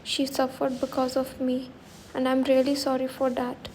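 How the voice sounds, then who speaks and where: A woman's voice: sits high, monotone, normal speed, a little mellow, a little hiss or hum. A woman reading the part of an older mother-in-law pleading for forgiveness, naming her before each line in a plain apologetic reading.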